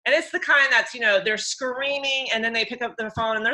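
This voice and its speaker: Bright-voiced, chatty woman teaching a workshop. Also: a little fast, low-quality recording. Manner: chatty, animated, mimics others in high voices. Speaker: workshop host and counselor. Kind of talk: live workshop talk.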